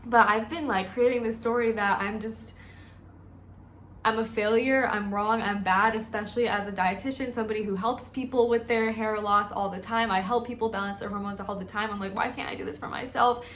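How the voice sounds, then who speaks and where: A woman's voice: medium pitch, fairly even intonation, brisk, a bit bright, slight background noise. A woman who works as a dietitian, talking candidly and emotionally in a chatty personal vlog.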